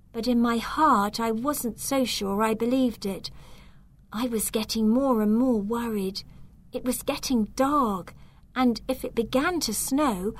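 A woman narrating a children's storybook aloud in a clear, measured way. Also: on the high side. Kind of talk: storybook reading.

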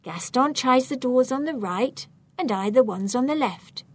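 A woman narrating a first-person mystery story aloud, with an expressive, suspenseful reading. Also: high-pitched, measured pace, husky.

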